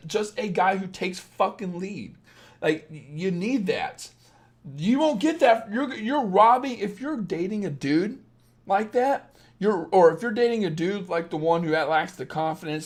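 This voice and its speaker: A man in his thirties talks through dating questions on a live stream. His voice sits a little high, and his talk is blunt and full of swearing. He drops into low, muttered asides, then breaks into loud, heated rants. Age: 30s. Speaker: dating coach. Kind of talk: live-stream advice chat.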